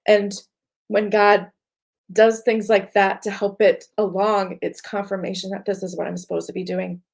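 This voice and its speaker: A woman's voice: mid-range voice, little pitch movement, moderate pace, creaky, darkish tone. A middle-aged woman artist chatting casually about her painting plans, heartfelt and tired, with many fillers. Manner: heartfelt, rambling with frequent fillers. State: tired and emotional. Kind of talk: casual chat to camera.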